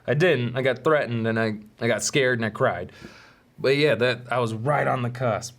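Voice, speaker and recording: A man of medium pitch talks at a moderate pace while hosting his solo podcast. He tells childhood stories in a rambling, candid way, often poking fun at himself.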